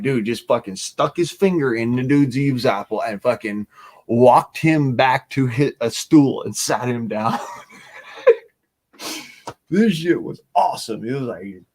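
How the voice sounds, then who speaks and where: Profane, animated man telling a story. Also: medium pitch. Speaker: stream host. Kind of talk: casual storytelling.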